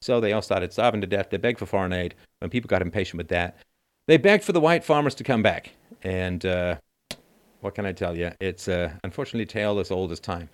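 A man's voice: low voice, quick pace. A middle-aged man hosting a show, reading news stories aloud and cutting in with mocking, jokey asides and laughter. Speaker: podcast host. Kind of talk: sarcastic news commentary.

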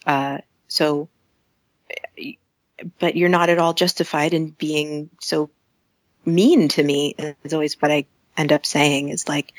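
A woman's voice: low voice, steady tone, takes it slowly, no room sound. A woman calling in to an advice show who speaks tentatively, often restarting her sentences. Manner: soft, tentative, restarts and nervous laughs. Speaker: caller. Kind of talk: call-in advice talk.

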